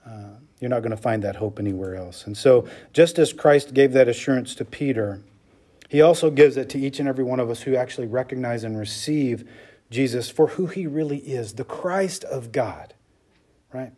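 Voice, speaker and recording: A man's voice: mid-range voice, a little fast, mellow. A man, a pastor, preaching a sermon with emphatic delivery, often checking in with the congregation with "okay?" and "right?".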